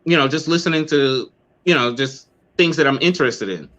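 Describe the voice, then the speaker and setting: A man's voice: medium pitch, lively intonation, fairly quick, a bit bright, dull audio. A man hosting an online talk show, chatting casually and telling a story with many restarts.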